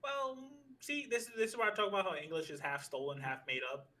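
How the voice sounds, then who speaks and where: A man's voice: sits high, very animated, brisk, sharp tone. A young man co-hosting a podcast, chatting casually and joking with a lot of swearing. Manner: profane, joking, puts on accents for laughs. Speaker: podcast co-host. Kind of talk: casual chat.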